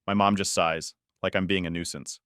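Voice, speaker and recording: A man reading a first-person story as a scripted narration, in an even, measured manner. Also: low voice, smooth, no room sound, studio quality.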